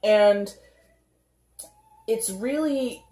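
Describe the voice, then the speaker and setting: A woman giving a casual, chatty tarot reading, animated and given to mimicking people in little put-on voices. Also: fairly high pitch, drawn-out words, roomy sound. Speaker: tarot reader.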